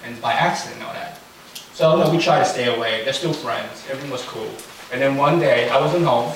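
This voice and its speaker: Chatty pastor in an echoey church. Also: male voice, medium pitch, fast talker. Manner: chatty, anecdotal, lots of fillers. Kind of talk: casual sermon storytelling. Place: church hall. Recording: very echoey room, far from the mic, faint noise.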